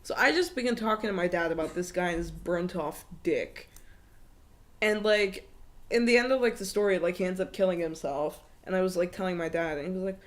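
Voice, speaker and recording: A woman's voice: fairly low pitch, fairly quick. A young woman co-hosting a podcast, in casual chat full of "like" fillers, giggles and swearing. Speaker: podcast co-host.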